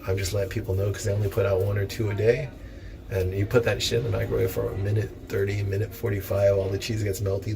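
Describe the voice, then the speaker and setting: A young male vlogger with a lowish voice and vocal fry reads aloud from a book and comments on it. He rambles profanely in casual commentary, tossing in jokey asides. There's noisy ambience in the background.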